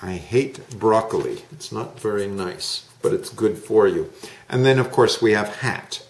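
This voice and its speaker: A man teaching English pronunciation in a one-to-one lesson, modelling sounds slowly and patiently. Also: fairly low pitch, lively intonation, echoey room.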